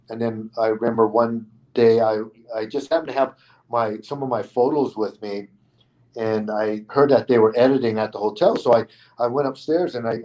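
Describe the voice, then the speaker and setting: A middle-aged man, a stuntman guest on an interview show, tells a story in an easy, animated way. His voice sits at an ordinary mid pitch, and he jumps into the other people's lines as he goes. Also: highs cut off. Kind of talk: casual anecdotal storytelling.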